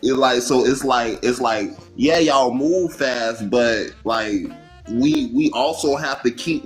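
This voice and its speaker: A man from Florida with a voice of middling pitch, talking in a loose, rambling way full of fillers and curse words. Soft music sits faintly under his voice. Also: poor audio. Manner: loose and profane, hedging with lots of "like". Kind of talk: casual debate chat.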